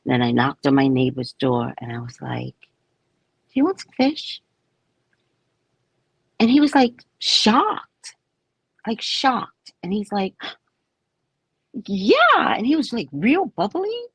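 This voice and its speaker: A woman psychic casually telling a story about her neighbors, animated and acting out the people she quotes. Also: fairly low pitch, unhurried, creaky, slightly rough, no echo. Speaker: psychic reader.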